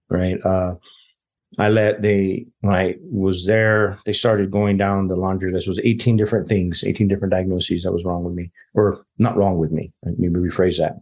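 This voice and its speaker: A man appearing as an interview guest tells a personal story in a low, darkish voice with a breathy edge. His talk is casual and rambling, and he often quotes other people in dialogue.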